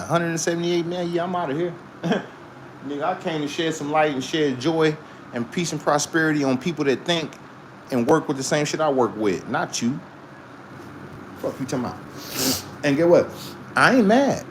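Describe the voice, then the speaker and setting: A man hosting a livestream, ranting at chat in a profane, mocking way and laughing often, his voice jumping between high taunts and low growls. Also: slight background noise. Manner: laughs often while talking. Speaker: livestream host answering chat. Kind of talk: casual livestream rant.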